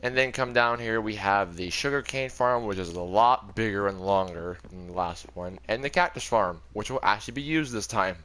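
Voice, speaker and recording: A man's voice: lowish voice, moderate pace, few pauses, sharp tone. A young man giving a casual, rambling tour of his game world, often correcting himself as he goes. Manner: rambling, chatty, self-correcting. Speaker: gaming video creator.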